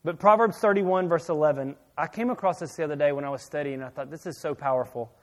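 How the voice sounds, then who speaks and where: A middle-aged man preaching a sermon, telling a personal story with many repeated words, swinging between loud emphasis and near-hushed asides. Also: fairly high pitch, expressive, fast. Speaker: pastor.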